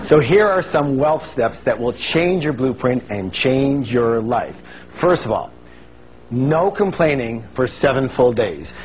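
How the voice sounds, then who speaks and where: A man giving a lively motivational seminar talk, calling on the audience to answer and acting out the voices he quotes. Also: mid-range voice, slow, a little hiss or hum, rough recording. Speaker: seminar speaker. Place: large seminar hall with an audience.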